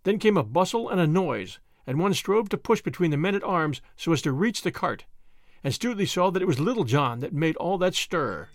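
A man reading a classic adventure story aloud in an expressive storytelling manner. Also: fairly high pitch, a little fast, no echo, studio quality. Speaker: narrator. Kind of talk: audiobook narration.

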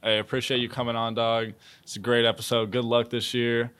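Fast-talking young male podcast host. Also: mid-range voice, flat delivery, fairly bright tone, clear, resonant tone. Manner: quick, casual, chiming in with agreement. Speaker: podcast host, former basketball player. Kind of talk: casual podcast chat.

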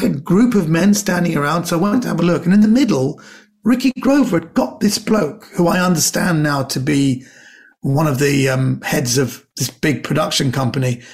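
Guy spinning stories, slightly high gravelly voice, acts out everybody's lines. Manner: animated anecdote-telling, acts out other people's lines. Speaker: guest comedian. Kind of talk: casual storytelling interview.

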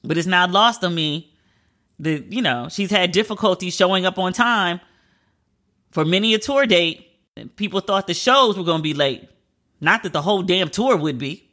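A woman's voice: lowish voice, expressive, normal speed, a bit bright. A woman giving casual celebrity news commentary, chatty and candid with emphatic asides. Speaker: pop culture commentator.

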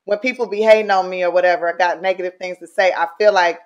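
A woman guest speaking bluntly and candidly in a casual interview, animated and salty, mimicking people as she goes. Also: fairly low pitch, fast talker, muffled recording.

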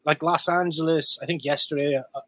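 A man's voice: on the high side, fairly even intonation, fairly quick, a bit bright, dry recording. A young Irish man, a guest musician, chatting casually, rambling, laughing often and swearing freely. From Ireland. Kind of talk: casual chat.

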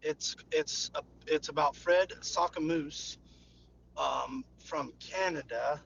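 Gravelly male caller on a phone. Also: fairly high pitch, slow, fairly bright tone, dull audio. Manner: conversational, meandering storyteller. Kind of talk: call-in phone conversation.

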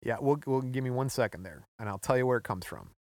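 A man's voice: mid-range voice, lively intonation, fast, darkish tone, dry recording, clean studio sound. A man co-hosting a podcast, retelling a story in an offhand, joking way. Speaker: podcast co-host. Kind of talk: casual chat.

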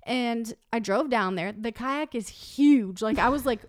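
A woman telling a story in casual chat, animated and laughing often, acting out what people said. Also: fairly high pitch, measured pace.

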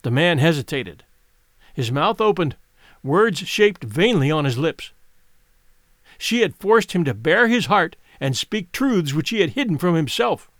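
A man narrating a classic story as an audiobook, measured and expressive. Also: fairly high pitch, no room sound, studio quality.

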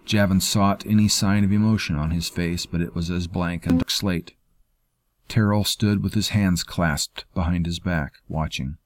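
A man reading a fantasy story in measured, scripted narration. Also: sits low, steady tone, dry recording. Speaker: audiobook narrator.

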